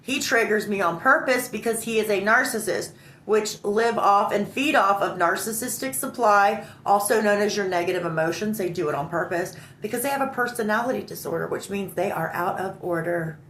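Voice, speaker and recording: A woman telling a personal story in an animated, indignant way, acting out the dialogue. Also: mid-range voice, fairly quick, a little hiss or hum. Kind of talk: emotional storytelling. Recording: roomy echo.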